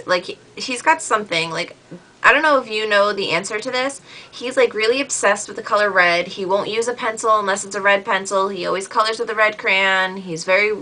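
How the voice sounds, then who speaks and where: Chatty young woman with a bright voice. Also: mid-range voice, low-quality recording. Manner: chatty, filler-heavy, animated retellings. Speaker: vlogger replying to a friend. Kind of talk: casual video message.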